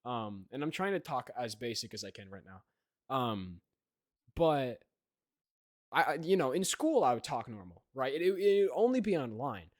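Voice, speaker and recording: A man's voice: mid-range voice, very animated, moderate pace, no echo, studio quality. A young man co-hosting a podcast, chatting casually and rambling, with many restarts and "right?" tags. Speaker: podcast co-host. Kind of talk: casual chat.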